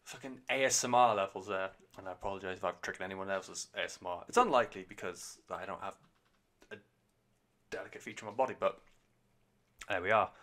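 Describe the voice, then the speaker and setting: A man's voice: lowish voice, fairly bright tone. A man giving a rambling, enthusiastic and sweary casual review of an album on a podcast.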